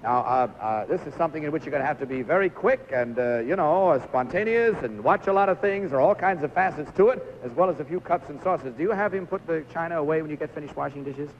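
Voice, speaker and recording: A man's voice: fairly high pitch, animated, quick pace, hardly any pauses, dull audio, a little hiss or hum. A man hosting a live 1950s television game show, coaxing contestants through stunts with a jovial, laughing manner.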